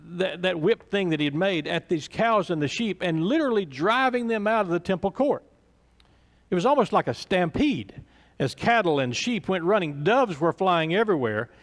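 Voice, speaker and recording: Expressive storytelling preacher. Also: male voice, fairly high pitch. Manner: vivid and expressive, voicing a boy recalling events. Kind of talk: dramatic first-person storytelling sermon. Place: church sanctuary. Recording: reverberant church sanctuary.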